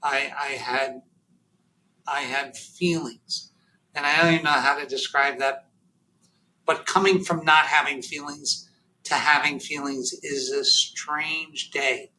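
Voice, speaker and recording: A man telling a deeply personal story as a podcast guest, halting and emotional, near tears, with many fillers and restarts. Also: steady tone, sharp tone, slight background noise, rough recording.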